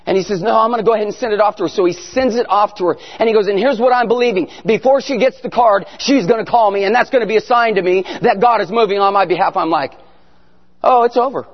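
Husky-voiced preacher telling a comic story. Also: male voice, high-pitched, fast, hardly any pauses. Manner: animated storytelling, acting out both sides of a conversation. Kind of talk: humorous sermon story. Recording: dull sound in a large reverberant hall.

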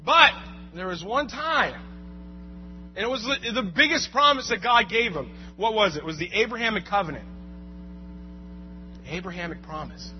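A man preaching a sermon, swinging from quiet asides to loud, shouted bursts. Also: high-pitched, expressive, normal speed, long pauses. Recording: muffled recording with music and hum.

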